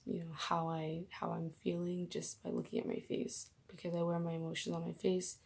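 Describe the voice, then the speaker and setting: A woman's voice: lowish voice, level tone, brisk, creaky, darkish tone, breathy edge. A young woman vlogging casually about her faith, emotional and gushing, often dropping into whispers.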